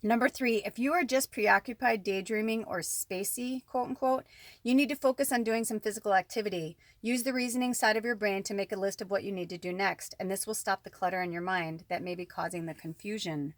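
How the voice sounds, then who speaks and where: A woman's voice: medium pitch, fairly quick, no echo. A woman sits at home giving a loose, chatty card reading for her viewers. She wanders off into asides and fills her talk with "like". Her voice sits in a middling range and sounds close and dry. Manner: rambling and chatty, lots of "like" and asides. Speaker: spiritual card reader. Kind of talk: casual oracle card reading vlog. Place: at home indoors.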